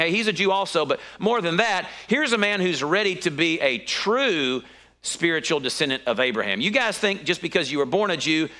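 A man preaching a sermon, telling the story in an animated way with sudden high exclamations.

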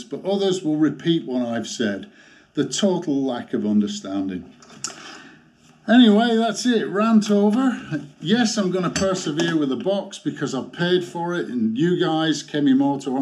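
A man talks through a motorcycle gear review. He rants with exasperation and stops to restart his sentences. His voice sits at an ordinary middle pitch. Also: a little mellow. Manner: exasperated ranting, halting restarts. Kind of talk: product review vlog.

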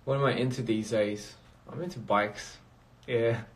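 A man's voice: fairly low pitch, steady tone, measured pace. A man chatting casually on a phone livestream, rambling and reading out viewer comments. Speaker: livestream host.

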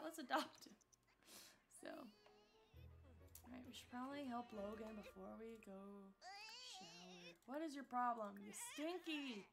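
Young female streamer, casual chatty commentary, high-pitched and giggly. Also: gravelly. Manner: chatty and giggly, talking to the game and to chat. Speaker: game streamer.

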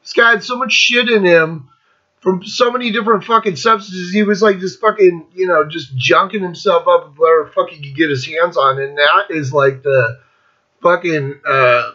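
A man's voice: high-pitched, moderate pace, pushed and bright, highs cut off. A man in his fifties hosting a casual rant, blunt and profane, rambling between thoughts. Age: 50s. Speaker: host.

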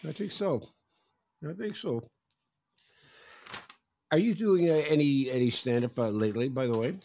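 A man hosting a podcast in casual interview chat, talking haltingly with frequent restarts and repeated words. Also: medium pitch, creaky, dark tone, slight background noise. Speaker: podcast host.

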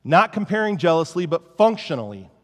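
A man's voice: fairly high pitch, sing-song, a little fast. A man preaching a casual, joking sermon to his congregation in church. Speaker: pastor. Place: church sanctuary. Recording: long church-hall reverb.

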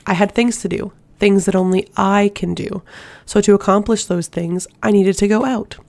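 An audiobook reader voicing a fierce, sharp-tongued young woman assassin with a drawling, sardonic delivery and a gravelly, flat tone. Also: medium pitch, normal speed, lightly acted.

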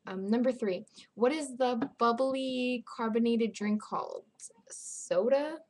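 A woman's voice: a little high, slow pace, a little mellow. A young woman from Las Vegas chatting casually to her webcam, hesitant, with lots of ums and likes. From Las Vegas, Nevada. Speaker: vlogger. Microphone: webcam mic.

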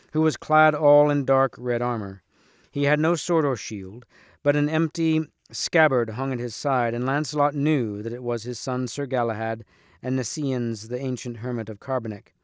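A man reads a storybook aloud in a steady, clear voice. His tone is smooth and resonant, the mic is close, and there is no room sound. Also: medium pitch, no echo. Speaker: reader.

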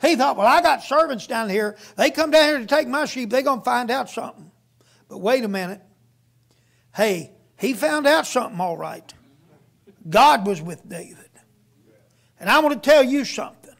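Gravelly high-voiced man preaching. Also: lively intonation, normal speed, long pauses, fairly bright tone. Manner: folksy storytelling preaching. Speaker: guest preacher. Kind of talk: sermon.

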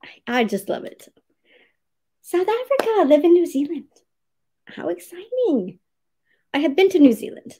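A cheerful woman hosts a livestream from home, greeting viewers one by one and reading their comments aloud. Her voice sits high and swoops up and down with lively expression, and she laughs often between names. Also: a little slow, pauses often. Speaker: livestream writing sprint host.

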